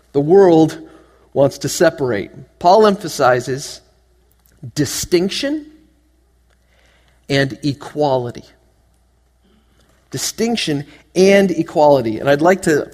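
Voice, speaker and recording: A man preaching a sermon to his church, animated and joking, asking the congregation one question after another. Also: a little high. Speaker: pastor. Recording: long hall reverb.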